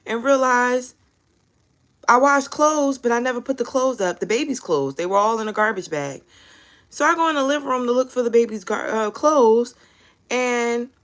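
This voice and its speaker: A young woman hosting a tarot live stream, chatting casually and telling animated stories with casual cursing. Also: fairly high pitch. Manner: chatty, animated storyteller who curses casually.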